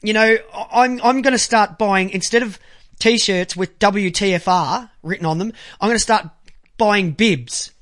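A man ranting crudely to camera, halting when he reads aloud. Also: high-pitched, a bit bright. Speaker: vlogger. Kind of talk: angry profane monologue to camera.

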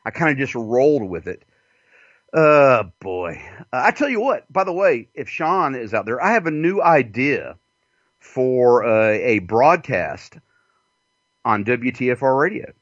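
Sing-song and unhurried, this Southern-accented man's medium-pitched voice has no room sound. Hosting a radio show, he wanders through a foul-mouthed comedic monologue with frequent laughter, captured in dull, dry lo-fi audio.

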